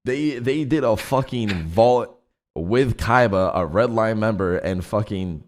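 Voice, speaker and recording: A young man chatting casually out of character, laid-back and rambling, swearing often and filling pauses with "um" and "like". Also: on the low side, darkish tone. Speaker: streamer and roleplay group leader.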